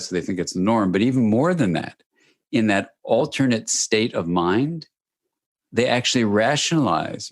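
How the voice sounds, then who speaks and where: A man speaking as a guest expert in an interview, explaining in a measured, emphatic way. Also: lowish voice. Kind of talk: interview answers.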